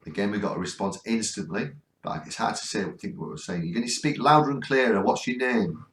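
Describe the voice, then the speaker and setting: Low-voiced northern English ghost hunter. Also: male voice, fairly quick, fairly bright tone, echoey room. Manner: coaxing, earnest, keeps pleading for replies. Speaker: ghost hunting vlogger. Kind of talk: spirit box session, talking to spirits. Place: cold spot on a ghost hunt.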